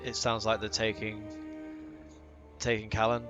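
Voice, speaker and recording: A low-voiced man playing a tabletop game, talking things through cautiously and trailing off at the ends. Music is clearly heard behind him. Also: completely flat delivery, unhurried. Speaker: player. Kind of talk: casual chat at a tabletop game.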